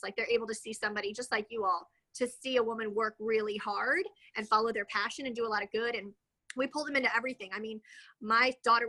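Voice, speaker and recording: Bright chatty woman guest. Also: a little high, rough recording. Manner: chatty, rambling with many fillers. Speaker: guest, real estate agent. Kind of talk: casual interview talk.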